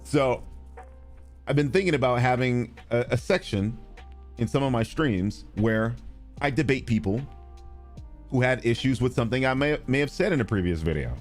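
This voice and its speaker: A man streaming live, chatting casually and responding to viewers, animated and blunt, with frequent swearing. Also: moderate pace, long pauses, faint music behind. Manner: animated, swings between loud and low, swears freely.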